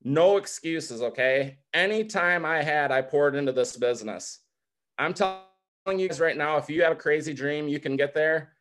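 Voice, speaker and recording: A man's voice: a little high, moderate pace, a bit bright. A man in his forties giving an emotional, fired-up motivational testimony on a video call, choked up at times. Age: 40s. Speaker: guest speaker.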